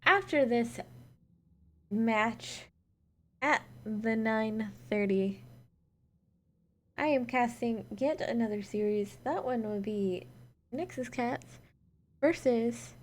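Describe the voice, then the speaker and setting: A woman's voice: on the high side, slow, long pauses. A woman casting a gaming tournament live, chatting with viewers and thanking them between matches. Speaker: esports caster. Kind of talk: solo live-stream casting between games.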